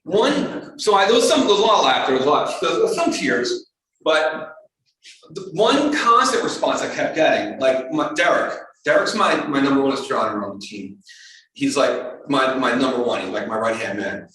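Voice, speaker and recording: A man giving a storytelling talk to an astronomy club, lively and acting out the voices of other people. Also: moderate pace. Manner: animated, acts out quoted voices in a higher pitch. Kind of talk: storytelling lecture. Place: community hall talk. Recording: very echoey hall, speaker far from mic.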